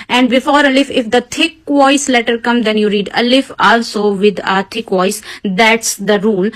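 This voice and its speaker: Woman teaching tajweed, slightly high voice, patient step-by-step explaining. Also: low-quality recording. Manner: patient step-by-step explaining, slowed drawn-out recitation of example words. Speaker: Quran teacher. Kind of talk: tajweed lesson.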